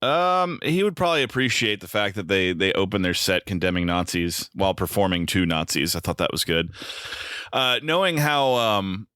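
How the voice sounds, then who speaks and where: Deep-voiced man, casual podcast banter. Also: expressive, moderate pace, bright, forceful tone, smooth, no echo. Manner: dry, wry and joking, with filler ums. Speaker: podcast co-host. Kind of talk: casual film-review chat.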